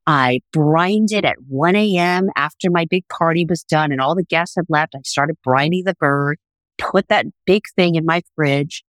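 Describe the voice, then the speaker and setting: A middle-aged woman, a food TV producer, telling a lively story as a podcast guest on a remote call. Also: sits low, moderate pace, no echo, rough recording. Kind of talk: casual podcast interview.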